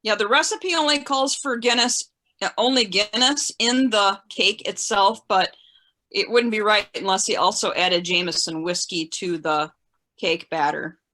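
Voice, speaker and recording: A woman's voice: medium pitch, unhurried, pushed and bright. A woman chatting eagerly in a casual group call. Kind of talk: casual group video chat.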